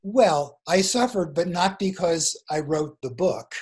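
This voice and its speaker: Speaking from a remote mountain spot, this guest author is interviewed over an internet call. His voice is slightly high, husky and a little mellow, with lively intonation and a somewhat slow pace, and he rambles through a long story, often starting sentences over.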